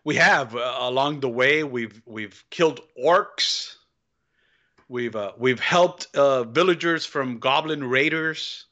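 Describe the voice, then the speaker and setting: A man's voice: mid-range voice, takes it slowly, sharp tone, muffled recording. A man playing a tabletop game, speaking earnestly and heroically in character. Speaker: player. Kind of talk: tabletop role-play.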